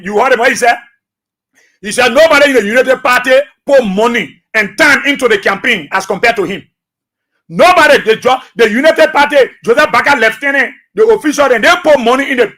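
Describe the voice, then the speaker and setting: A man's voice: very high voice, bright, forceful tone. A man with a Liberian English accent hosting political talk radio, passionate and repeating phrases for emphasis.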